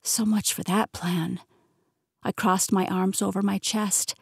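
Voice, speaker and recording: Lively woman narrating an audiobook. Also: medium pitch, measured pace, vocal fry, breathy edge, dry recording, clean studio sound. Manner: lively first-person storytelling, youthful voice for the heroine. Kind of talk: scripted narration. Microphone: close studio mic.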